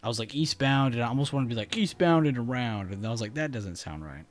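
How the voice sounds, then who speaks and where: A young man talks casually on a live stream, relaxed and slangy, often breaking into laughter. His voice sits a little on the low side. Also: racing. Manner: laid-back, laughing, slangy. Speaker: trading livestream host. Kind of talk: casual chat on a livestream.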